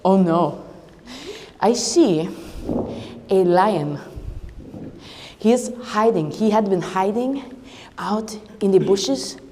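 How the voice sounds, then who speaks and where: A woman's voice: mid-range voice, expressive, slow pace, long pauses, noisy background. A woman leading a camp chapel, telling a Bible story in the first person to young campers with playful sound effects and questions. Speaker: camp worship leader. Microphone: action camera. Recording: long echo in a hall.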